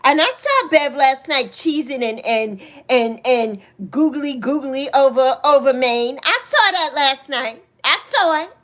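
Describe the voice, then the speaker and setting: A woman's voice: high voice, expressive, measured pace, few pauses, a bit bright. A woman in her sixties hosting a casual livestream, chatting affectionately with viewers and greeting them by name. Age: 60s. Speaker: livestream host. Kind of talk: casual livestream chat reading comments.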